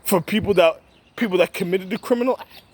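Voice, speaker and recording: Agitated guy ranting to the camera, kinda husky, slightly high voice, swears a lot. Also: fast. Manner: agitated, repetitive, swearing, quoting himself in raised voice. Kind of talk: rambling monologue to camera.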